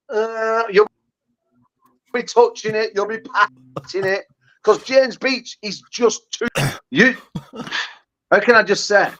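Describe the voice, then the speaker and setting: Crude, mocking British man, high voice. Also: a bit bright, lo-fi sound. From United Kingdom. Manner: mocking, crude, laughing, stumbling restarts. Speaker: guest arm wrestler. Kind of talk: profane trash talk on a call-in show.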